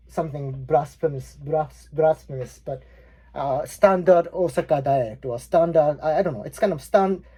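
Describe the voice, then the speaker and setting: A man's voice: fairly high pitch, mellow. A man in his forties with a Japanese accent, teaching a language lesson in a loose, rambling way full of fillers and restarts. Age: 40s. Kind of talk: casual explanatory lesson.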